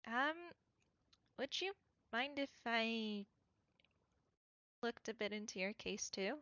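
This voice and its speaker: A woman's voice: on the high side, slow pace, sharp tone, no echo. A woman voicing an earnest, polite young boy detective, speaking eagerly with a few hesitations, in a tabletop role-play. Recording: dull lo-fi dry audio.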